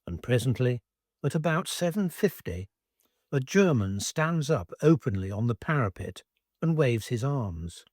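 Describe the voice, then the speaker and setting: A man reading a first-person wartime memoir aloud as scripted narration, in an expressive, measured way. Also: mid-range voice, dry recording, studio quality.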